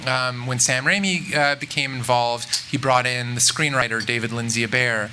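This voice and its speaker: A man, a film director, answering interview questions in a thoughtful, halting way, full of fillers and restarts. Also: mid-range voice, steady tone, bright, forceful tone, slight background noise. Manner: thoughtful, musing. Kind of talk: press junket interview.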